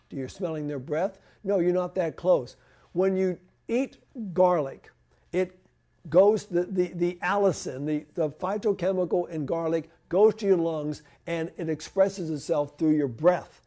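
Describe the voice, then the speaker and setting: Guy explaining home remedies at church, kinda high voice but mellow, chatty q and a. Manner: conversational, asks and answers own questions. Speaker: health presenter. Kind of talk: church health talk. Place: church hall.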